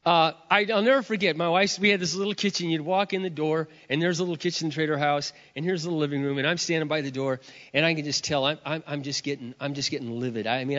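A middle-aged man preaching a sermon, telling a personal story in an expressive, animated way, his voice surging loud and dropping low. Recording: dull sound, long reverb of a hall.

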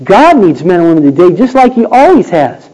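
A man preaching a sermon, emphatic and rhetorical, swinging between loud declarations and hushed questions. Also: sits high, very animated, fairly quick, rough recording.

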